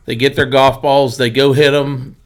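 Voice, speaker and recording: This medium-pitched man, moving at a moderate pace, is a Pennsylvania driving range owner. He spins animated anecdotes casually, playing out each quoted line himself.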